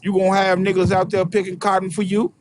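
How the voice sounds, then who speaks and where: A man's voice: high voice, monotone, fast, a little hiss or hum, close to an everyday voice. A man voicing a smug slave master who coaxes with patronizing promises. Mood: cajoling. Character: smug scheming male slave master, cajoling.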